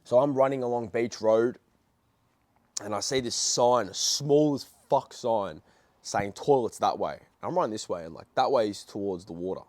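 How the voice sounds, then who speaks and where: A young man vlogging, telling a story in a casual, blunt, excitable way and swearing heavily. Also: medium pitch, moderate pace, no room sound.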